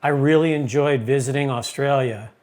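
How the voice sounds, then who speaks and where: A man hosting a casual interview podcast, animated and jokey, often cutting in. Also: medium pitch, normal speed. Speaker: podcast host.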